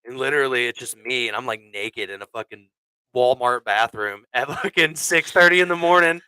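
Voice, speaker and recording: A man hosts a casual podcast, telling crude stories with lively energy and plenty of swearing. His voice sounds bright and forward. The sound is close and dry. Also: medium pitch, moderate pace, clean tone, no room sound, low-quality recording. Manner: crude, animated storyteller who swears a lot. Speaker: podcast host. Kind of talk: casual storytelling chat.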